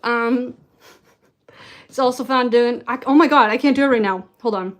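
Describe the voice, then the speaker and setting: A woman's voice: on the high side, moderate pace, pauses often, fairly bright tone. Rambling, self-deprecating young-sounding woman. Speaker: vlogger answering viewer questions. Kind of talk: casual Q&A chat.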